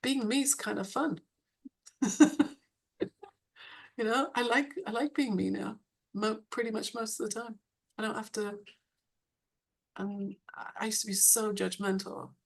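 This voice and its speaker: A woman's voice: mid-range voice, steady tone, measured pace, creaky, long pauses. A woman coach and author talking reflectively on a video call, restarting sentences and laughing lightly. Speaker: coach and author, webinar guest. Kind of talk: reflective conversational talk.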